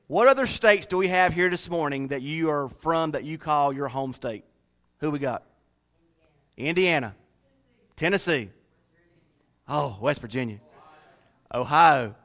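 A man's voice: fairly high pitch, fairly bright tone. A man from North Carolina with a Southern accent, preaching a folksy sermon to his congregation in church. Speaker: pastor.

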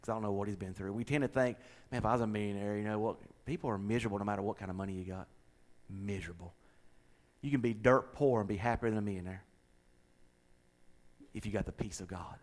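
Southern pastor telling a story. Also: male voice, fairly low pitch, quick pace. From American South. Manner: animated storyteller, chuckles, repeats words. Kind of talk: casual chat with co-hosts.

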